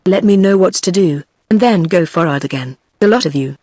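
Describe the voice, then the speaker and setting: A man's voice: high voice, fairly quick, dry recording, clean studio sound. A text-to-speech woman's voice reading the lines of a stern male second mate who speaks sharply. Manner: sharp, commanding.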